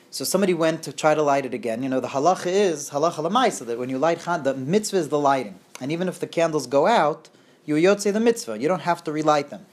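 A man telling a Hasidic tale in a lively, repetitive way, sprinkling in Yiddish and Hebrew words. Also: fairly high pitch, fast talker. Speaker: storyteller. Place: community near Woodmere.

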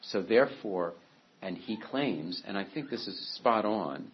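A man's voice: on the low side, lively intonation, measured pace. Man lecturing in an echoey room. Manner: discursive, conversational, with frequent asides and restarts. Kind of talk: classroom lecture. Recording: echoey room from a distance, dull and muffled.

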